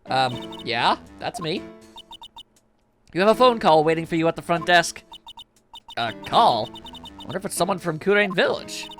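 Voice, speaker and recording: A young woman from a video game voiced by a man, hesitant and a little evasive, speaking softly with a lively pitch. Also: normal speed, long pauses, soft background music.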